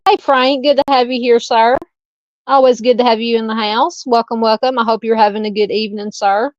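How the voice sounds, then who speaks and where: A woman's voice: a little high, steady tone, no room sound, dull audio. Southern woman hosting a chatty live stream. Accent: Arkansas Southern. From Arkansas. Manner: thinking aloud, halting, reading viewer comments and greeting chatters. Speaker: true crime live stream host. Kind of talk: casual live-stream chat and commentary.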